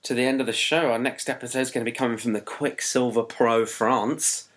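A man hosting a podcast in relaxed casual chat. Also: medium pitch, fairly quick. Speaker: podcast host.

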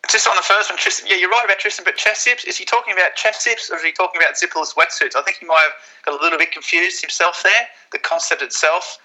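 A man's voice: high voice, quick pace, sharp tone, poor audio. A man co-hosting a podcast with laid-back, wry banter and casual swearing. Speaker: podcast co-host.

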